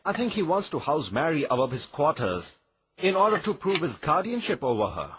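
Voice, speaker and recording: A man's voice: on the high side, very animated, a little fast, background noise. An actor playing a stubborn young kinsman in a dubbed film, firm and defiant.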